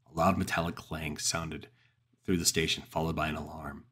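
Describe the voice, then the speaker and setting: A man narrating a horror story in the first person, slow and grave. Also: very deep voice, little pitch movement, pushed and bright, husky.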